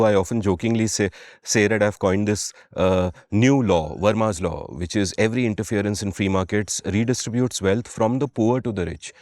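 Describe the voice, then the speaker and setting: Emphatic Indian man, low and dry. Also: a little mellow, no room sound. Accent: Indian English. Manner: emphatic, punchy, conversational explainer. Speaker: podcast co-host. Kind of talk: casual economics discussion.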